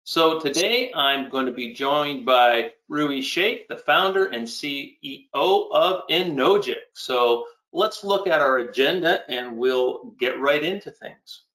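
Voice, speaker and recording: Bright-voiced enthusiastic male webinar host. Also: mid-range voice, lively intonation, takes it slowly, hardly any pauses, reverberant, poor audio. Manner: upbeat, enthusiastic. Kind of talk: webinar presenting.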